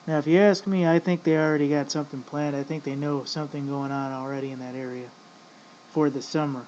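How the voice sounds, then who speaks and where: Brisk and steady in tone, this male vlogger sounds a little high and slightly mellow as he rants casually, rambling, swearing, and frequently addressing "folks." The recording is lo-fi and dull with a touch of noise.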